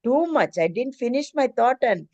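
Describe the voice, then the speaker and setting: A woman's voice: fairly high pitch, lively intonation, normal speed, mellow, no echo, highs cut off. A middle-aged woman, earnestly telling a personal story on a video call in a hesitant, emotional way. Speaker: meeting participant, preschool teacher.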